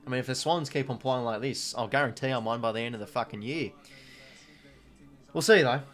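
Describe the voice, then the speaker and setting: Speaking fairly quickly in a slightly bright, mid-range voice, an Australian man around twenty hosts a casual live watch-along. He chats loosely, reads out viewer comments, and keeps saying "mate."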